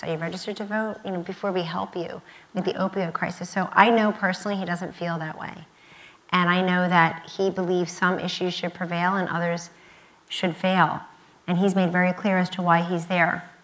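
Her voice is on the low side and a bit bright, heard through a low-quality recording. The speaker, a woman in her fifties, is a guest at a student conference on a university event stage, stressing her points and repeating key phrases.

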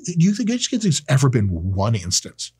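A man in his thirties talks straight into the camera in a loose, profane rant, dripping with sarcasm. His voice is husky and slightly breathy, swinging widely up and down in pitch. The sound is dry and close, with no room around it. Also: wildly swooping pitch, measured pace, darkish tone, dry recording. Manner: profane, sarcastic, acts out quoted people in silly voices. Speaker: host. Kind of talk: casual monologue to camera. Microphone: camera mic, close.

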